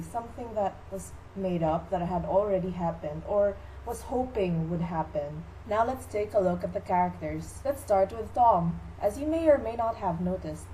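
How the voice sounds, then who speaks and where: A woman's voice: mid-range voice, warm tone, slight background noise, low-quality recording. A teenage girl presenting a school project skit, playing a famous playwright in her own voice with a cheeky, jokey manner. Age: teens. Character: playful playwright recounting his life. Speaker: student presenter.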